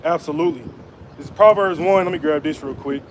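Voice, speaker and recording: A man preaching on the street during a live stream, profane and mocking, laughing between taunts and reading scripture slower and louder. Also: on the high side, slight background noise. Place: outdoors on an urban street.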